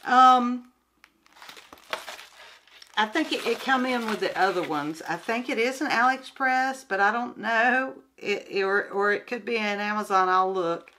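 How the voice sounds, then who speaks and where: A woman's voice: fairly high pitch, measured pace, bright, forceful tone, slight background noise. A woman chatting casually and rambling at home as she shows her craft projects, with many restarts and fillers. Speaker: craft vlogger. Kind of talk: casual chat while showing crafts.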